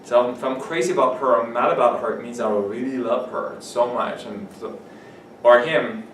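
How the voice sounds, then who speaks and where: In an English class, a male teacher works through vocabulary, using example sentences and asking students questions. He has a medium pitch and a moderate pace. The recording comes from a distant mic in an echoey classroom, with a soft hum of room noise.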